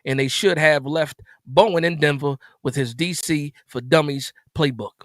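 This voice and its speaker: A man hosting a live stream, ranting in an exasperated way after a game, repeating himself and jumping suddenly louder. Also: on the high side, moderate pace, dry recording, clean studio sound. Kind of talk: animated post-game rant.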